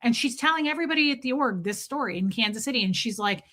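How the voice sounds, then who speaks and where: A woman with a fairly high, bright, forceful voice tells a story on her livestream. She talks bluntly and swears freely. She breaks off now and then to greet viewers by name. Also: lively intonation, fast. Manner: blunt, profane, reads viewer names aloud mid-story. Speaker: livestream host. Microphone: streaming setup mic.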